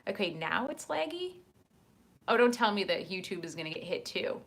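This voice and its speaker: A woman's voice: medium pitch, sing-song, moderate pace, creaky, a bit bright. A woman hosting a casual livestream from her apartment, chatting with viewers and reading their comments aloud with lots of ums. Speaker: livestream host.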